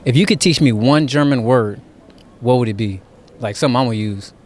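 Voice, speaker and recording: A man hosts a street interview on a city street, firing off questions at a quick clip. His voice sits at an ordinary middle pitch and comes across loud and easygoing. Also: slight background noise.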